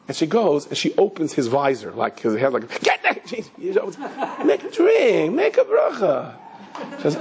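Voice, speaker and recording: A man delivers a sermon as a string of stories. His voice sits a touch high with a husky grain. He acts out the people in his tales and breaks into shouts when the scenes turn heated. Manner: animated storyteller acting out voices, shouting in quotes. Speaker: rabbi giving a talk. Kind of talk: storytelling sermon.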